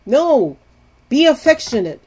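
A middle-aged woman giving an earnest talk on marriage and intimacy, pleading with her listeners, swinging from loud emphasis to soft hushed lines. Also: sits high, very animated, a little slow. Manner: earnest, pleading, addresses viewers as "people". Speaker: Christian marriage teacher. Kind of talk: earnest teaching talk to viewers.

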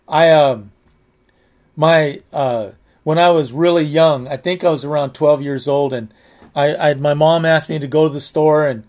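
A man with a slightly high, darkish voice preaches a sermon, telling a personal story in a rambling, conversational way. He restarts often and keeps saying "man" and "amen".

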